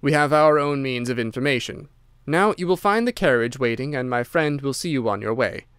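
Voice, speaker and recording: A man's voice: medium pitch, animated, brisk, fairly bright tone, clean tone, no echo, studio quality, lightly acted. A man reading aloud, voicing a sinister older captor who giggles and threatens. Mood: cold. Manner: menacing, giggling between words.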